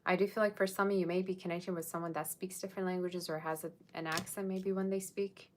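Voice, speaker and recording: A woman's voice: on the low side, little pitch movement, quick pace. A woman giving a casual live-streamed tarot reading, chatting straight to her viewers in a musing, tentative way. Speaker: tarot reader.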